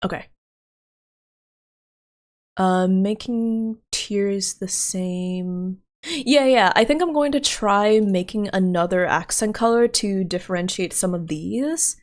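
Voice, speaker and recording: This woman streamer has a medium-pitched voice and takes things slowly. Her casual livestream chat is her thinking aloud while working, dotted with giggles and fillers.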